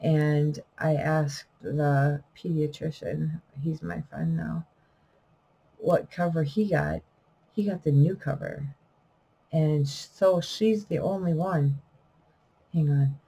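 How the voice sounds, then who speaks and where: Slow, gravelly middle-aged woman, rambling. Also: deep voice, fairly even intonation, dark tone, rough recording. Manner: rambling, trailing off with fillers and self-corrections. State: wheezing, coughing. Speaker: vlogger and self-published poet. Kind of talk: unedited casual talk to camera.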